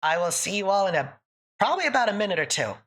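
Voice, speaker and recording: A woman's voice: medium pitch, big pitch swings, fast, fairly bright tone. A woman with a Boston accent chatting casually on a live stream, giggly and talkative, with a slight lisp on her S sounds.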